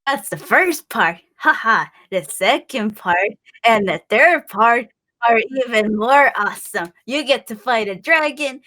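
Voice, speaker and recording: Young woman from Illinois, interview guest; bubbly and giggly, a fairly high voice, breaks into playful voices mid-story. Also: lively intonation, a little slow, bright, forceful tone. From Illinois, USA. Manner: bubbly and giggly, acts out voices in her stories. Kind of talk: casual chat.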